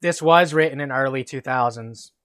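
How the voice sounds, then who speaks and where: A man hosting a comedic read-through, reading fanfiction aloud in a deadpan way and sometimes breaking into laughter. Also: medium pitch, moderate pace, no echo. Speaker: host.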